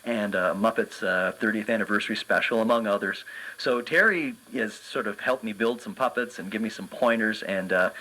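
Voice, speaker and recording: Man, radio interview guest, children's entertainer, earnest, enthusiastic, lowish pitch, bright. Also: moderate pace, low-quality recording. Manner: earnest and enthusiastic, many fillers.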